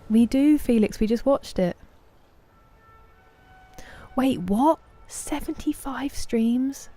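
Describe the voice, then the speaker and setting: A British woman chatting casually on a live game stream, thanking viewers and sometimes dropping into a soft whisper. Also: on the high side, expressive, slow pace, faint music behind. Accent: British English.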